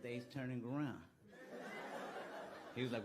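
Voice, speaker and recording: A man telling a stand-up story in a low-key, deadpan way. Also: a little fast, long pauses, slight background noise. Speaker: stand-up comedian.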